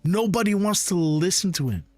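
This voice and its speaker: High-voiced man, insistent live commentary. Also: lively intonation, moderate pace, darkish tone, no room sound, faint music behind. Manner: insistent, rhetorical, keeps saying "guys" and "right?". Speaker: host of a live decode show.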